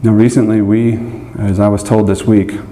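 A man's voice: lowish voice, flat delivery, moderate pace, mellow, slight background noise. Earnest male preacher in an echoey room. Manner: earnest, speaks in short phrases for interpreting. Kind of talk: sermon with live interpreter. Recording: echoey room, faint ambience.

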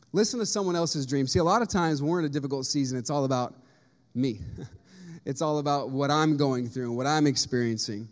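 A man's voice: a little high, a little mellow. A man preaching a sermon to his church, earnest and rising to emphatic, repeated appeals. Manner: earnest, building to emphatic peaks with repeated phrases. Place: church sanctuary. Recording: long reverb of a church hall.

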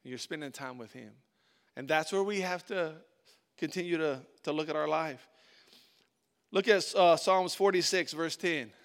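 A man's voice: on the high side, measured pace. A male pastor preaching a sermon in an informal, conversational way, repeating words for emphasis.

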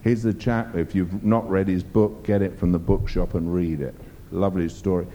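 A man's voice: low-pitched, steady tone, moderate pace, mellow, slight background noise. A man preaching a sermon, emphatic and rambling as he tells stories. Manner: emphatic, rambling storytelling with fillers.

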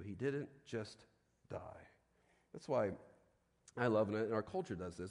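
A man preaching a sermon in a conversational way, often asking "right?", and dropping to a quiet, slow voice for solemn points. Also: mid-range voice. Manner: conversational preaching with frequent tag questions. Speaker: pastor. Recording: long hall reverb.

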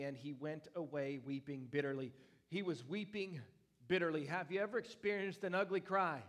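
A young adult man preaching a sermon in a church, animated and playful, with loud and soft swings as he talks. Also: fairly high pitch, brisk. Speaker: pastor.

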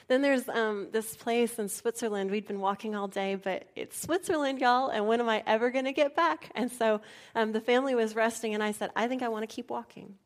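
A middle-aged woman pastor, telling personal stories in a sermon, often dropping to a hushed voice and then rising lively. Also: medium pitch, fairly quick. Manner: soft, hushed storytelling that turns lively and animated. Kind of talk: storytelling sermon.

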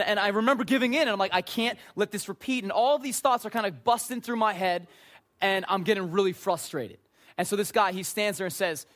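Young guy youth pastor, pretty high voice, animated self-deprecating stories in a sermon. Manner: animated, self-mocking storytelling with quick asides. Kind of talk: storytelling sermon.

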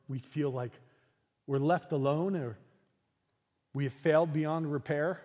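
Slow, earnest preaching man in a hall. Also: a little high. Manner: earnest, slow preaching with soft, hushed passages. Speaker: pastor. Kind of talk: sermon.

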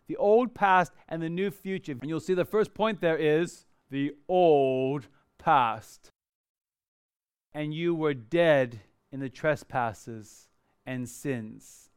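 A man preaching a sermon, rising loud on the crowd's cries and dropping soft and slow when he asks the listeners to reflect. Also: fairly high pitch, clean tone. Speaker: pastor.

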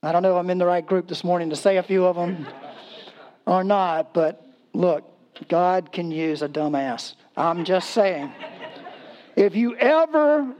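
A man's voice: sits high, moderate pace, highs cut off. A man preaching a sermon in a casual, humorous storytelling way, acting out voices and laughing as he goes. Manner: acts out voices in quotes, animated. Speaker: pastor.

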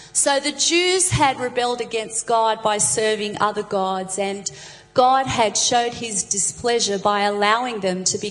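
A woman delivering a sermon, telling stories with lively voices for the characters. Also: fairly high pitch, long reverb tail, rough recording. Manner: animated storyteller, voices the jokes' characters. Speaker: preacher.

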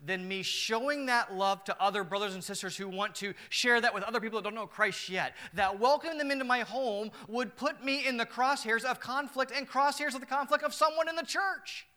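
A preacher voicing an anguished early church man, high and pleading. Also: fairly quick, hardly any pauses, sharp tone. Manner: pleading, rising in pitch and force.

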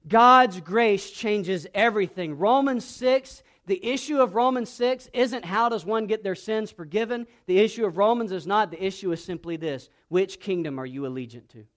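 High-voiced preacher with call-and-response questions. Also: male voice, a little fast, few pauses. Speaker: pastor. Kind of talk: sermon.

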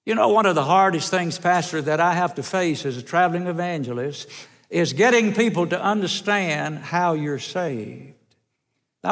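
A male traveling evangelist preaching a revival sermon in a church, earnest and storytelling, slowing down for emphasis. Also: a little high. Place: large church sanctuary. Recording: echoey sanctuary with long reverb.

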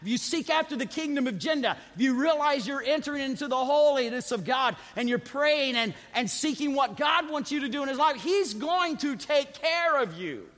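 A man preaching a sermon as a pastor, calling on the congregation to repeat after him and swinging from quiet asides to shouted emphasis. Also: extremely high pitch, lively intonation, normal speed, hardly any pauses. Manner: preaching with call-and-response to the congregation. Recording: long reverb of a large hall.

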